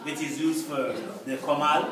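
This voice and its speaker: A man from Belize, the guest teacher, explaining words slowly and repeating them for his learners in a classroom. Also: fairly high pitch, little pitch movement. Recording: echoey classroom, mic far off. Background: class chatter.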